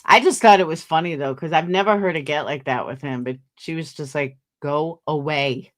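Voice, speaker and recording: Tired woman livestream host, lower voice, gossipy, chats with her chat. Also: brisk. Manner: chatty, gossipy, reads out viewer names. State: tired, yawning. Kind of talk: casual chat with live viewers.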